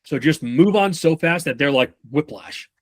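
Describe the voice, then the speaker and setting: A man leading a casual sales leadership training session over a video call, talking in an animated, profane way and acting out his examples. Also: a little high, normal speed, dry recording.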